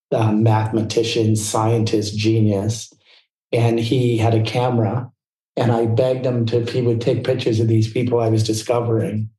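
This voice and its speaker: A man's voice: on the low side, warm tone, reverberant, rough recording. A middle-aged man from Southern California, telling his story as a podcast guest in a candid, rambling way. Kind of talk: casual storytelling interview.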